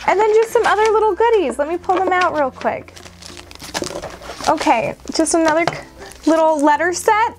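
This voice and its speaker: A high-pitched woman gushes through a casual unboxing, gasping and squealing over each item. Her voice sits well above the usual range. Soft music plays faintly underneath. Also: a little slow. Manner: gushing, excitable, frequent gasps and squeals. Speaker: unboxing vlogger.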